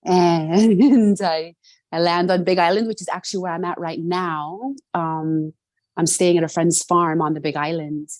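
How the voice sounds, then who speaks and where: A woman's voice: lowish voice, steady tone, unhurried, a little mellow, no room sound. A middle-aged woman from New York City, a guest telling her personal story in an earnest way, often adding "right?", over a video call.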